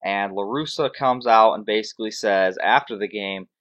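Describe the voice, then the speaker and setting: A man hosting a fantasy sports show, talking in a loose, sarcastic rant. His voice sits somewhat low. The recording sounds dull and lo-fi. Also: moderate pace. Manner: animated, sarcastic, ranting. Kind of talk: casual sports commentary.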